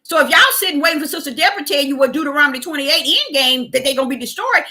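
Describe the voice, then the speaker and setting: High, lively, bright-voiced woman preaching. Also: racing, hardly any pauses. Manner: emphatic, with shouted bursts and repetition. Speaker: online preacher. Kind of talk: preaching to online viewers.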